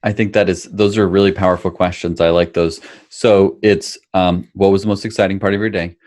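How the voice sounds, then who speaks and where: A man's voice: low voice, flat delivery, a little fast, darkish tone, no echo, studio quality. A man hosting a podcast interview over a video call, affirming his guest and thoughtfully recapping his points. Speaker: podcast host, physician. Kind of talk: casual interview conversation.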